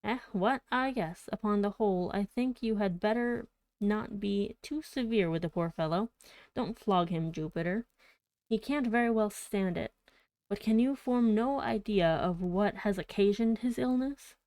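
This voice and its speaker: A woman reading as a polite gentleman narrator. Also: mid-range voice, a little slow, dry recording, close to an everyday voice. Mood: inquiring. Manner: formal, inquiring. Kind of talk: audiobook reading.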